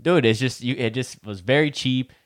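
A man's voice: mid-range voice, moderate pace, no room sound, clean studio sound. A young man co-hosting a podcast in casual chat, swearing freely and dropping Spanish phrases into his talk. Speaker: podcast co-host.

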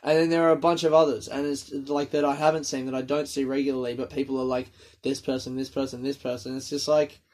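A man's voice: medium pitch, little pitch movement, quick pace, few pauses, darkish tone. Sniffly man, rambling podcast chat. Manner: rambling, self-deprecating, swears freely. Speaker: comedian podcast host. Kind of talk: casual solo podcast monologue.

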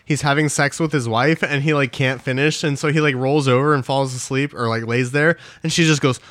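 A man's voice: medium pitch, steady tone, brisk, a bit bright, no room sound. A man co-hosting a casual podcast, telling stories in a laid-back way with swearing and hesitant fillers. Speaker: podcast co-host. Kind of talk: casual crude podcast chat.

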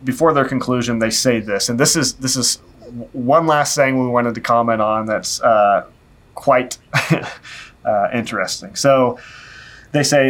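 A man's voice: mid-range voice, measured pace, fairly bright tone. Man casually debating Bible verses. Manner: conversational, quotes Scripture, light laughs.

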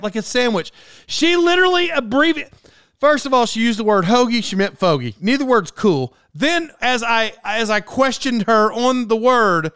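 Smooth-voiced man telling rambling stories. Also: extremely high pitch, measured pace, no room sound, clean studio sound. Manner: rambling, animated, laughs at his own story. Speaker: podcast host. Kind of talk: casual storytelling monologue.

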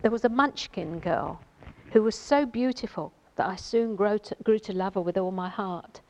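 Brief: woman reading a gentle storybook tin man, wistful and kind, near her own voice. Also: mid-range voice, normal speed, lo-fi sound, close to an everyday voice.

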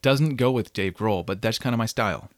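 A man's voice: fairly low pitch, brisk, no room sound, studio quality. A man playing along in an improvised comedy scenario, eager and agreeable. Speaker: guest player in an improvised scenario. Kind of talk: casual improvised comedy chat.

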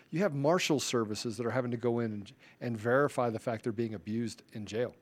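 A man's voice: mid-range voice, a little fast. A man hosting a political commentary show, ranting in a fiery, repetitive, emphatic way. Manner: self-described introvert. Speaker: show host.

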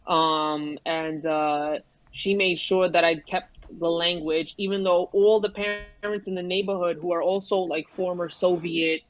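A woman's voice: on the low side, fairly even intonation, a little slow, soft background music. New woman guest, blunt and slangy, dull lo-fi audio. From New York. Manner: straight-talking, streetwise slang. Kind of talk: casual interview chat.

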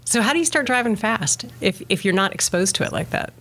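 A woman's voice: mid-range voice, lively intonation, fairly quick, a bit bright. A woman hosting a casual interview, asking curious follow-up questions. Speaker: interviewer, host.

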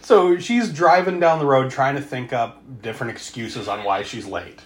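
A man's voice: medium pitch, normal speed, echoey room. A man co-hosting a podcast, recapping a movie in casual chat, laughing often and acting out the characters' lines. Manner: animated, laughs a lot, acts out quotes. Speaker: podcast co-host.

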